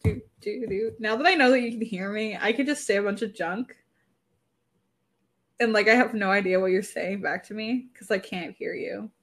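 A young woman co-hosting a casual podcast, giggly and flustered, laughing often between slow, rambling remarks. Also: mid-range voice, fairly bright tone. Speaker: podcast co-host.

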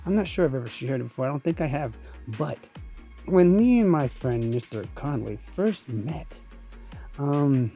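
A man's voice: mid-range voice, expressive, normal speed, dark tone, soft background music. A man hosting his own podcast, telling a story in a rambling, casual way with frequent laughs and swearing. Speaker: podcast host.

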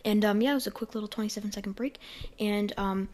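A woman chatting on her own podcast at an ordinary, mid-range pitch. She wanders from point to point with plenty of "um"s and restarts. She is recorded on a desk mic in her bedroom. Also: steady tone, fast, darkish tone. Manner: rambling, full of fillers and self-corrections. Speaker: podcast host. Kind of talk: casual solo podcast chat.

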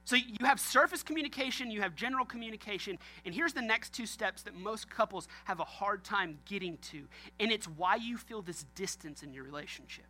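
A man's voice: high voice, fairly quick, hardly any pauses, bright, forceful tone. A man preaching a sermon as pastor, joking and talking straight to his congregation.

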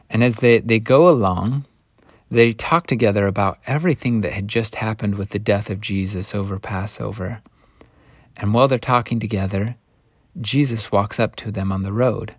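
Male scripture teacher, lower voice, lively storytelling, dry close sound. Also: moderate pace, no echo. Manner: animated storytelling, swinging between hushed and lively.

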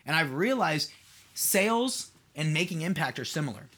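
A man talks through his solo podcast in a loose, casual monologue. His voice sits a touch higher than most men's, and he keeps turning to his listeners with rhetorical questions, padding his thoughts with "like.". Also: very animated, normal speed, pushed and bright. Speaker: podcast host and mentor.

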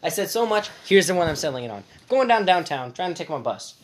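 A man's voice: on the high side, sing-song, fast talker. A young man telling rambling street stories in casual chat, laughing often and acting out the people he quotes. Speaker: co-host.

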